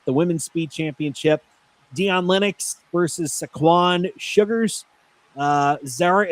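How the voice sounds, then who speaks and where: A man hosting a casual podcast, running down lists of matches with frequent "uh" fillers. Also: a little high. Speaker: podcast host. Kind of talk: casual wrestling podcast chat.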